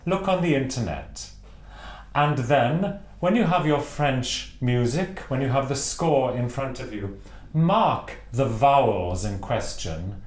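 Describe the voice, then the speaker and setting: A man from Wales gives a singing lesson in a slow, unhurried voice, shaping each word with care. He stops to sing out vowel sounds as examples. The room around him rings with a noticeable echo. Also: mid-range voice. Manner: demonstrates vowel sounds aloud. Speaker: singing teacher. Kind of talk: instructional talk to camera.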